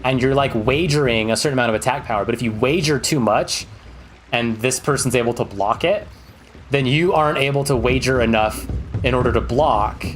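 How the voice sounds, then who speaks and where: A man's voice: medium pitch, brisk, a little hiss or hum. A man streaming and ranking games, chatting in a casual, enthusiastic way with plenty of fillers and restarts. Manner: chatty and rambling, with many fillers. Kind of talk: casual livestream commentary.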